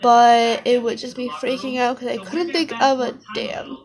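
A woman vlogger talking casually to her viewers, hoarse from a sore throat, her voice cutting out as she rambles with lots of fillers. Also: a little high, fairly even intonation, normal speed, crowd noise, poor audio. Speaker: YouTuber. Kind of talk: casual vlog chat to viewers.

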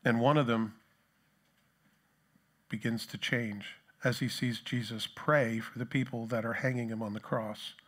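A man's voice: medium pitch, steady tone, measured pace, fairly bright tone. A male pastor giving a conversational sermon, now and then acting out the taunts of a crowd in a voice of his own. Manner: conversational preaching, acts out mocking voices of the crowd.

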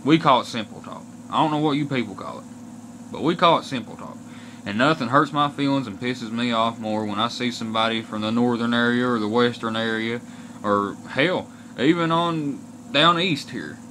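With a pushed, bright voice at medium pitch, a young vlogger from Kentucky rants straight to camera. His Appalachian accent carries a blunt, aggrieved tone, peppered with frequent swearing, and he speaks slowly and deliberately. The recording has a little hiss or hum.

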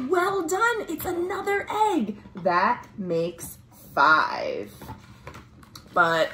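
A woman librarian doing a children's storytime read-aloud at home, animated, with delighted gasps and sing-song refrains. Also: high-pitched, extremely slow. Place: home room. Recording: roomy home recording with faint appliance hum. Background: dishwasher running.

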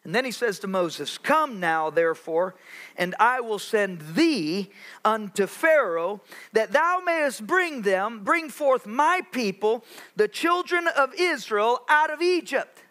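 High, bright-voiced preaching pastor. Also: male voice, lively intonation. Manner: preaching with dramatic pauses, acting out Bible voices. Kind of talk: sermon. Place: church sanctuary.

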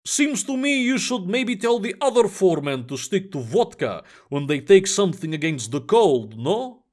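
A man's voice: high voice, sing-song, moderate pace, darkish tone, pitched above the performer's own voice. A man voicing a blunt, dismissive night-shift foreman from Russia in a story reading.

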